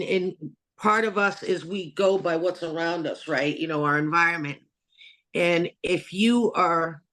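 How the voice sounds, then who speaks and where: A woman's voice: fairly low pitch, fairly bright tone. Woman, interview host, earnest, rambling, restarts a lot, video call audio. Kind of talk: casual interview chat.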